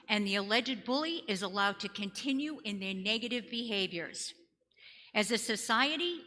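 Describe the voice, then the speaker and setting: Bright-voiced woman with a Boston accent. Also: on the high side. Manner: earnest, emphatic, argues point by point. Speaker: state legislator. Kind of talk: prepared floor speech in a legislature. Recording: long reverb of a legislative chamber.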